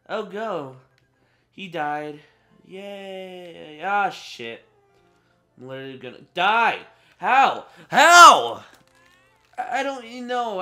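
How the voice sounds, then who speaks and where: A man's voice: on the high side, a bit bright. A teenage boy giving casual let's play commentary, talking to his viewers, getting frustrated and swearing. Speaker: gaming channel host. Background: game music.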